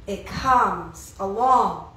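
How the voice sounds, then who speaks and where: A woman preaching a sermon in an animated way, asking her listeners questions and acting out the voices of pushy friends. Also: medium pitch, extremely slow. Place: church hall. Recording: echoey hall, mic at a distance.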